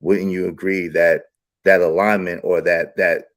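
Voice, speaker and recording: A man ranting loudly and profanely as a commentator, swinging between shouting and a mocking slow monotone. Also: low-pitched. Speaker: commentator and panel participant. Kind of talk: reaction rant and panel discussion.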